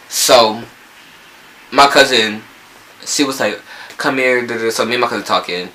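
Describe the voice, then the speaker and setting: A man's voice: mid-range voice, moderate pace, pushed and bright, slight background noise, poor audio. A young man from New Jersey with a local accent, telling a rambling storytime vlog full of quoted dialogue. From Newark, New Jersey. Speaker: vlogger. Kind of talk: casual storytime.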